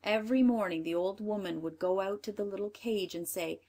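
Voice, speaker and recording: A woman narrating a fairy tale aloud, with measured, expressive storytelling. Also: mid-range voice.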